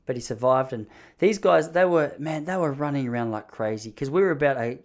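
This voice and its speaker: A young man hosts a podcast and tells a story in a casual way. He is animated and jokey, and his voice sits in a middle pitch. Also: fairly quick. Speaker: podcast host.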